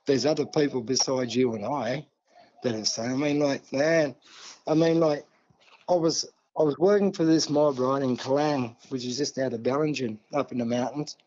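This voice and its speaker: Animated Australian man yarning a story. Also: mid-range voice, normal speed, dull audio. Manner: animated, rambling storytelling with many asides. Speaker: guest storyteller. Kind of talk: casual yarning interview.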